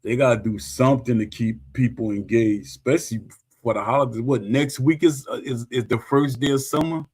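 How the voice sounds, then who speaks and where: A man with a New York accent in casual podcast chat, talking in a halting, drawled way with fillers. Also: mid-range voice, fairly even intonation, a little mellow, husky.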